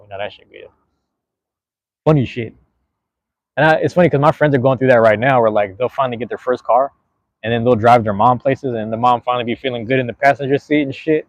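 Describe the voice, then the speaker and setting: A man's voice: medium pitch, fast, no room sound, lo-fi sound. A young man from the US West Coast hosting a live stream, talking in a laid-back, rambling way with street slang and lots of cursing. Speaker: podcast host and live streamer. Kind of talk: casual live-stream monologue.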